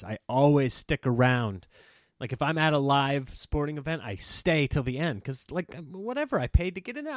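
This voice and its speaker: A man who performs comedy for a living, talking in an animated, self-mocking, rambling monologue. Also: on the high side, no echo, clean studio sound. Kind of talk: casual talking-head monologue.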